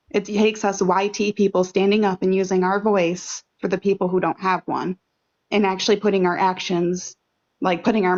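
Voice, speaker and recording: An earnest woman from Michigan talks in a halting, filler-heavy way, urging people to take action. Her voice stays flat and even, and the audio sounds dull and lo-fi. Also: medium pitch. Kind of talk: casual call to action.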